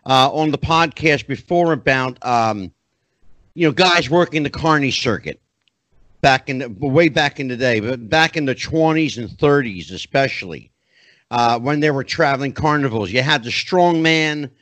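A man hosting a podcast, chatting in an animated way with many asides. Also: mid-range voice, moderate pace, dry recording. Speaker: podcast host. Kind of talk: casual interview chat.

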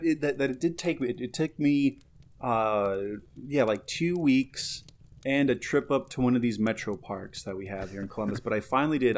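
Podcast co-host, male, rambling casual chat full of fillers, mid-range voice. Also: mid-range voice. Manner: rambling, filler-heavy, animated.

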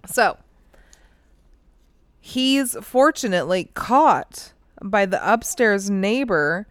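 Slow, smooth-voiced woman telling a story. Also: medium pitch, no echo, studio quality. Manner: animated storytelling, swears freely, laughs often. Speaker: podcast co-host. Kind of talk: casual true-crime chat.

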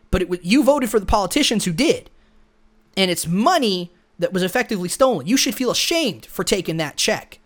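A man's voice: high voice, a bit bright. A man hosting a podcast, talking alone in a blunt, lecturing, combative way. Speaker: podcast host. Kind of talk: solo opinion monologue.

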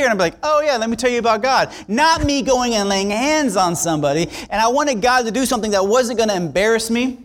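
A male pastor telling a story in a sermon, conversational and animated, acting out the dialogue. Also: high-pitched, a little fast, few pauses.

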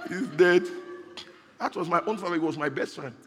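High-voiced man preaching in a hall. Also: a bit bright. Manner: preaching with rising bursts and laughter. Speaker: pastor. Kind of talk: sermon. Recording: reverberant hall.

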